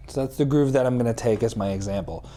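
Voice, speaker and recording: A man teaching a drum lesson in a casual, hurried way, out of breath and counting beats aloud. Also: mid-range voice, warm tone, soft background music. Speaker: drummer giving tips.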